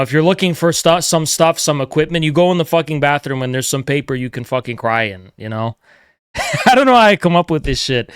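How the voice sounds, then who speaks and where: A man's voice: fairly high pitch, a bit bright, clear, resonant tone, no room sound, studio quality. A man livestreaming, ranting in a blunt, profane, exasperated way in casual monologue, at a desk mic indoors.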